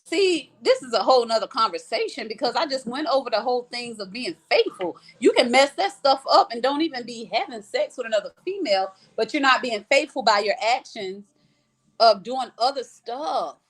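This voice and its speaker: A woman's voice: fairly high pitch, normal speed. A woman hosting a casual livestream chat who reads out viewer comments and answers them bluntly, with lots of swearing. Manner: blunt, profane and animated, reading out comments.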